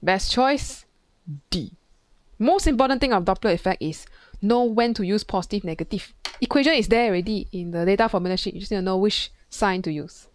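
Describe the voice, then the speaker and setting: A woman's voice: medium pitch, fairly quick, no room sound. A woman physics tutor, talking through an exam question in a chatty way, thinking aloud and imitating sounds. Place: classroom.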